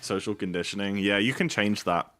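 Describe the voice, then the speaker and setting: A man's voice: fairly low pitch, a little fast, bright, forceful tone, soft background music. A man streaming a speedrun, chatting casually and rambling with lots of fillers and playful asides. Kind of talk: casual chat while speedrunning.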